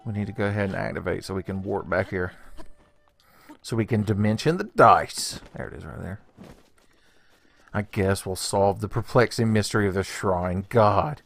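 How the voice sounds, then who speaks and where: A man's voice: fairly low pitch, normal speed, vocal fry. A man hosting a gaming channel, rambling through a let's play with constant jokes, frequent laughter and casual swearing.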